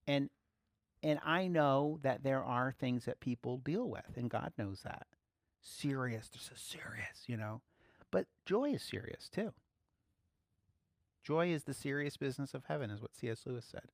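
A man's voice: mid-range voice, big pitch swings, moderate pace, no echo, clean studio sound. A man giving a casual, playful sermon, laughing often as he speaks. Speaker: preacher.

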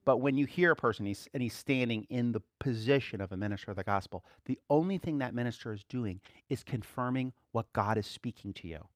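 A man preaching an informal sermon to a class, conversational and quick to laugh, swinging from emphatic outbursts to quiet asides. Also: mid-range voice, no room sound, studio quality.

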